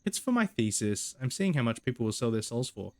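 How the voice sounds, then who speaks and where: A man voicing a young female grad student, speaking softly and politely. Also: mid-range voice, very animated, a little fast. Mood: friendly.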